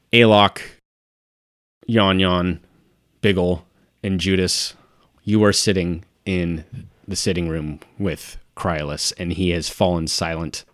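Low-voiced male game master narrating. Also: fairly bright tone, no room sound, clean studio sound.

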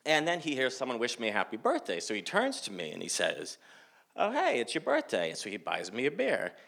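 A man's voice: mid-range voice, fast talker, vocal fry, husky. A man in his forties from Massachusetts, telling a self-mocking story live on a theater stage. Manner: animated, self-mocking, acts out dialogue.

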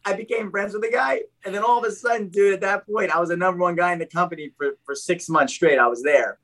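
A young man telling his story in casual chat as a podcast guest, animated and fond of saying "dude", often restarting his sentences. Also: high voice, quick pace, a little hiss or hum.

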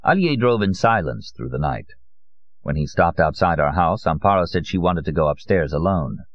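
Male audiobook narrator, very deep, lively delivery, dry and slightly muffled recording. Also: moderate pace, no echo.

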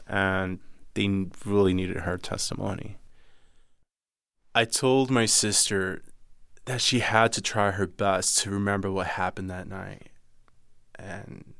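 A young man from the Dominican Republic slowly recounting a painful personal story in an interview, with halting pauses. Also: low voice, gravelly, fairly bright tone, smooth, dry recording, clean studio sound. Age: young adult. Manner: slow, halting, emotional retelling.

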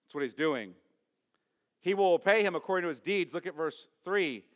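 A man preaching a sermon as pastor, emphatic, asking his congregation questions and swinging from loud stress to quiet asides. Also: high voice, animated, moderate pace, in a large hall. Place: church sanctuary.

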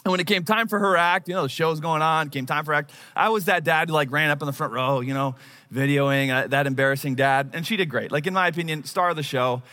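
A man's voice: a little high, pushed and bright. A man in his thirties preaching a sermon, telling a personal story in a conversational, self-deprecating way. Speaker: pastor.

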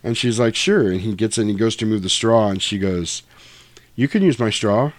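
A man's voice: lowish voice, moderate pace. A man in casual chat, retelling a film scene, acting out the dialogue and swearing freely.

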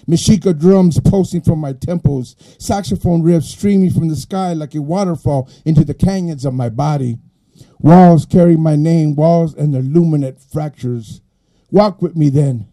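A middle-aged man with an East Los Angeles Chicano accent, a poet at a live reading who speaks softly between poems and declaims his verse in strong rhythm. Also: on the high side. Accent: East Los Angeles Chicano English. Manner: soft and halting when chatting, rising to forceful rhythmic declaiming in the poem.

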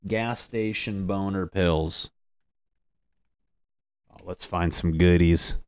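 A man's voice: low-pitched, slow, clear, resonant tone, no room sound, clean studio sound. A man doing a casual, crude comedic monologue as a podcast host, rambling and laughing at his own jokes.

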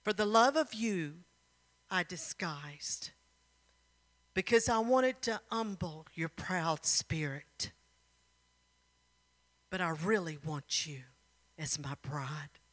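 A gentle young king, put on by a woman preacher, speaks softly and reassuringly. The delivery is slow and bright, with a long echo of a church hall behind it. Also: expressive. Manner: gentle, soothing, low-key.

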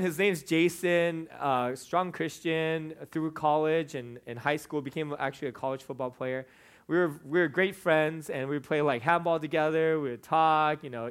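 A young male pastor delivering a sermon, his fairly high voice relaxed and conversational. He leans into stories with loose fillers and asides, talking to the congregation like friends. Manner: conversational storytelling with fillers, animated and laughing in anecdotes.

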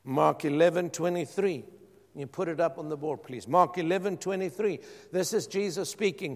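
A man's voice: a little high, normal speed, darkish tone, long reverb tail. A middle-aged man preaching a sermon as pastor, firing rhetorical questions and repeating phrases for emphasis.

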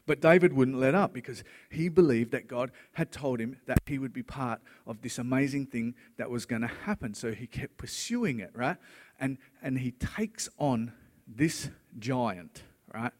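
A middle-aged man preaches to a congregation. He tells stories earnestly and casually and keeps checking in with his listeners. His voice carries the long reverb of a big church hall at an ordinary pitch. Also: animated, a little slow. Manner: earnest, conversational storytelling with frequent "right?". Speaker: pastor. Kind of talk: sermon.

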